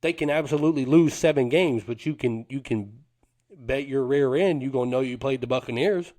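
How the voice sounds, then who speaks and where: A man's voice: mid-range voice, brisk, a little mellow. Fired-up male sports podcaster. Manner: fired-up, boastful fan talk with Southern slang like "them boys" and "cuz". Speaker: podcast co-host. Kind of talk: hyped sports podcast talk.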